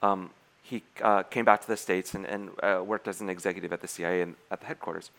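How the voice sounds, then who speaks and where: Man, low voice, preacher, sermon storytelling, acts out quoted dialogue, frequent restarts. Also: fairly even intonation, fast, vocal fry, a bit bright.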